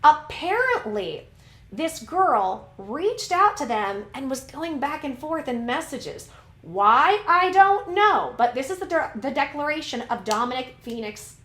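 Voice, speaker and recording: Woman, casual commentary host, high-ish voice, stumbles on words, roomy echo. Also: very animated, unhurried, fairly bright tone. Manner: chatty, stumbles over names and words. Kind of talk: casual commentary reading court documents.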